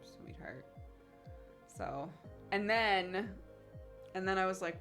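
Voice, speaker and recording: A woman streamer telling a story in casual chat, animated and full of acted-out quotes. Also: medium pitch, takes it slowly, pauses often, soft background music.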